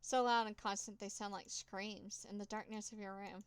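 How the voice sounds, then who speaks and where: A woman reading a horror text game aloud, voicing the cat's meows and the mouse's squeaks herself, with nervous asides between choices. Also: little pitch movement, clean tone, dry recording. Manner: reads with dramatic pauses and nervous asides. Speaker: gameplay narrator.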